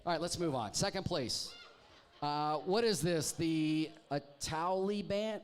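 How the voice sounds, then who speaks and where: A man's voice: fairly high pitch, lively intonation, measured pace, a little hiss or hum. A man hosting a live pub trivia night, reading team names with wry, teasing jokes to the crowd. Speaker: trivia host. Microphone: handheld microphone.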